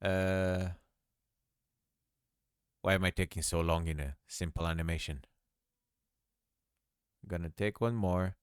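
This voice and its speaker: A man walks through a game-making tutorial at his own slow pace, thinking aloud and teasing himself about his mistakes. His voice is smooth and clear, recorded close on a desk mic. There is almost no room sound around it. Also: low-pitched, steady tone, dry recording. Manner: self-mocking, thinks aloud, laughs at himself. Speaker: game dev tutorial host. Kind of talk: casual screen-recorded tutorial.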